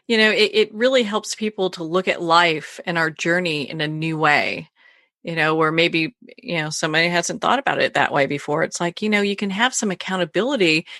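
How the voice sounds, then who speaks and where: A woman host with a lowish, bright and forceful voice, recorded dry and close. She responds warmly to her guest in a relaxed conversational way, with frequent fillers. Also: no room sound. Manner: warmly reactive, uses many fillers. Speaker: talk show host. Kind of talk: casual interview chat.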